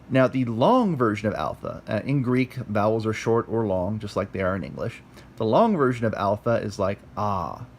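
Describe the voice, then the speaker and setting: A man's voice: mid-range voice, slight background noise. Guy walking thru greek letters, chatty and self-deprecating, voice swings up and down. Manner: conversational, self-deprecating, sounds letters out slowly. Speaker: teacher. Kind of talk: casual lesson.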